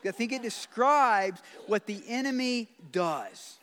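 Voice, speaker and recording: A man preaching a sermon as pastor, blunt and conversational, swinging from loud pleading to quiet. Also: very high voice, expressive, takes it slowly. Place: church sanctuary. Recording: long hall reverb.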